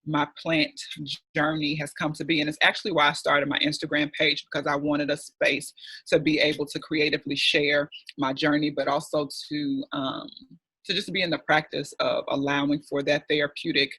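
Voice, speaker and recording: Panel guest, male: slightly high, husky voice, candid and chatty, dry close sound. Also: flat delivery, moderate pace, sharp tone, no room sound, rough recording. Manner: candid, heartfelt, chatty with many fillers. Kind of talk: personal storytelling in a panel discussion. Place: online panel session.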